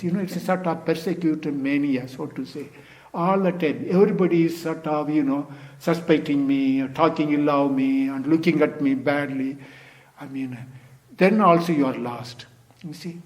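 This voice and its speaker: A man's voice: a little high, darkish tone. An older man, a Zen teacher, giving a dharma talk in loose, non-native English, often adding "you see" and "you know.".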